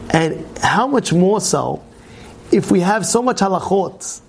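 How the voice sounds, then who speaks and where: A man teaching a Torah class and telling a personal story, animated, often repeating words and restarting. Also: high voice, slow, creaky, slight background noise.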